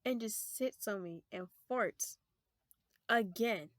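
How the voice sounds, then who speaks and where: A teenage girl vlogging to camera, animated and laughing, acting out her friends' lines in loud bursts. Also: lowish voice, normal speed, no echo, clean studio sound. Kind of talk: casual storytelling to camera.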